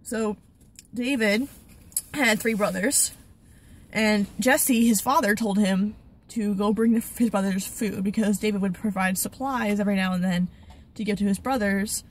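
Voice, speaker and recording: A woman hosting a casual Bible study video, retelling the story in a chatty, animated way. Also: medium pitch. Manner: chatty, animated, with quick restarts. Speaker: channel host, Bible study.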